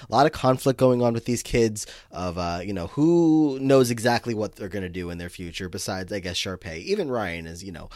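A man's voice: lowish voice, darkish tone, no room sound, studio quality. A man co-hosting a podcast, casually recapping a film with lots of fillers. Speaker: podcast co-host.

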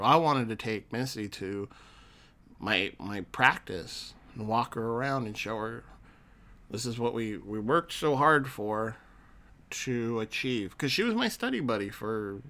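A man's voice: fairly low pitch, expressive, a little slow, bright, forceful tone. A man hosting a podcast alone, a counselor who talks earnestly and encouragingly to his listeners, often restarting his sentences. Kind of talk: solo podcast monologue.

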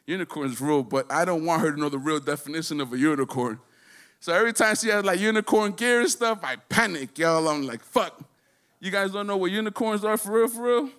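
A man doing a stand-up comedy set, rambling and profane, slipping into quick voices for other people. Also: high-pitched, a bit bright, clear, resonant tone. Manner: does quick voices for his daughter and others.

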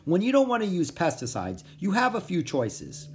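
A woman's voice: fairly low pitch, wildly swooping pitch, normal speed, slightly rough, voice pushed up, heavily acted. A reader voicing a friendly woman selling bugs at a market booth, teaching with enthusiasm in a storybook reading. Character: friendly female bug seller at market.

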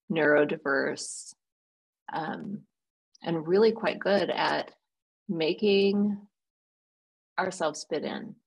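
A woman's voice: deep voice, gravelly, breathy edge, poor audio. A woman hosting a casual conversation, talking in a reflective, thoughtful way.

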